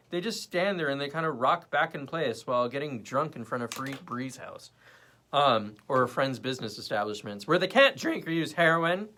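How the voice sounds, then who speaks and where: A young man hosting a casual livestream, rambling between topics and chatting with viewers in the comments. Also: mid-range voice. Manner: rambling, animated, jumps between topics and chat. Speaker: livestream host.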